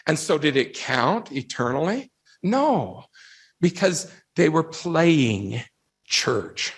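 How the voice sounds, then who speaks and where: Animated man giving a devotional talk. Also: fairly high pitch. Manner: animated storytelling, rhetorical questions. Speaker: religious speaker addressing youth.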